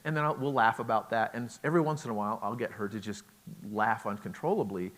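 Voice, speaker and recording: A man's voice: lowish voice, fast, fairly bright tone. A middle-aged man giving a relationship talk at a conference, chatty and joking, asking the audience questions. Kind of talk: lecture to a live audience.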